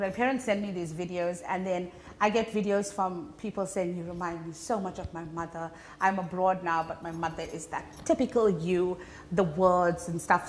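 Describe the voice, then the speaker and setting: A woman with a South African Indian English accent, a comedian being interviewed, telling stories in an animated, chatty way with many fillers. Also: fairly low pitch. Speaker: comedian guest. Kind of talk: casual interview chat.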